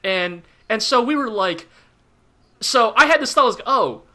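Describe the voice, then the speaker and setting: A man from California chats casually on a podcast with a high, bright voice. He rambles through his stories, swears freely and laughs often. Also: animated, normal speed. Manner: rambling, profane, laughing storyteller. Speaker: podcast co-host. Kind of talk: casual chat.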